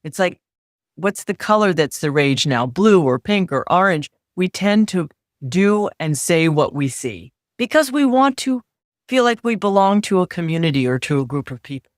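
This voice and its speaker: A middle-aged woman coaching on confidence in an interview, measured and instructive, repeating key phrases for emphasis. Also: on the low side, sing-song, no echo, studio quality. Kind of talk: advice in interview.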